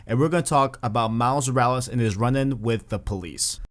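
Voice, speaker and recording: A man's voice: medium pitch, brisk. A man hosting a video, casually recapping a story and talking straight to his viewers. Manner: casual and conversational, addresses viewers directly. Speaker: video host. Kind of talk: casual book recap commentary.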